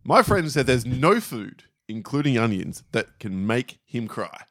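A man's voice: mid-range voice, sing-song, measured pace, dry recording. A man co-hosting a podcast, telling jokes in casual banter with a dry, teasing manner. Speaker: podcast co-host.

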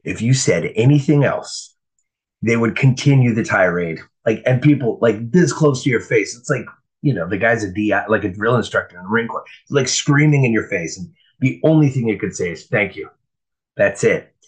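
A man telling his recovery story in a casual, profane, animated way. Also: fairly low pitch, a little fast, rough recording. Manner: profane, animated, acts out voices in quotes. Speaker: speaker sharing a recovery story.

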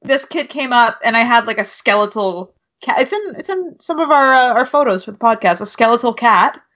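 A woman with a fairly high voice chats on a podcast, sarcastic, swearing freely and laughing between lines. She sounds like she is in her thirties. The sound is a bit dull and lo-fi. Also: expressive, fairly quick, a bit bright. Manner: profane, sarcastic, laughs often. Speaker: podcast co-host. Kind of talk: casual chat.

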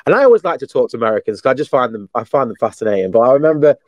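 A man's voice: medium pitch, very animated, rapid-fire, no echo. A British man hosting a casual chat, chatty and often repeating words as he starts a thought. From United Kingdom. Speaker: host.

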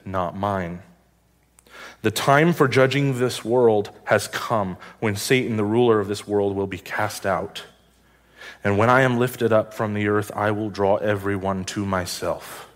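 A male pastor delivers a sermon with a somewhat low voice. He reads scripture aloud, then breaks off into wry, conversational questions to the congregation.

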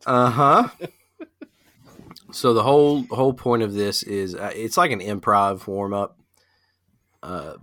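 A man's voice: fairly low pitch, slow pace, pauses often, fairly bright tone. A man hosting a podcast in casual chat, swearing freely and explaining games with lots of fillers. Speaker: podcast host.

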